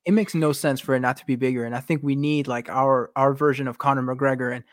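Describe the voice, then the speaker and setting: A man's voice: medium pitch, quick pace, no room sound, clean studio sound. A man chatting casually on a podcast as a fight journalist, telling stories with acted-out quotes and casual swearing. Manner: animated storyteller, acts out quotes, swears casually. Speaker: MMA journalist.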